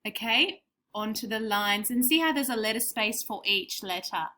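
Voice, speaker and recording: A woman co-teaching a recorded spelling lesson for young children, clearly explaining and sounding out words. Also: on the high side, expressive, normal speed, bright, forceful tone. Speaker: primary school teacher.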